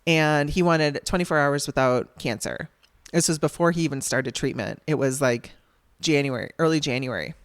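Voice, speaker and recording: A woman's voice: sits low, normal speed, no echo, clean studio sound. A middle-aged woman hosting a podcast, frankly telling a hard personal story with wry laughs and the odd swear word. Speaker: podcast host.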